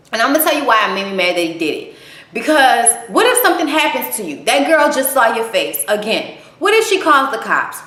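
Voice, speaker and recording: Woman reviewer, mid-pitched, blunt and foul-mouthed, casual recap, echoey room. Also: fairly bright tone. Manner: profane, blunt, opinionated. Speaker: TV show reviewer.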